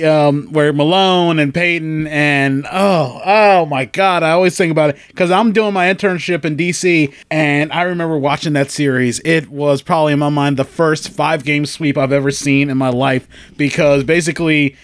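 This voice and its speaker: Man, podcast host, fairly high voice, dry sound. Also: normal speed, clear, resonant tone, dry recording. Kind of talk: casual podcast chat.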